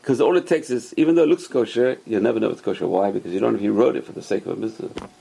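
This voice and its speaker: A man giving a religious Torah class, emphatic and repetitive, rising sharply on stressed words and dropping low on asides. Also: rapid-fire, vocal fry, mellow, slight background noise. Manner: emphatic, repeats key phrases. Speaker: religious teacher.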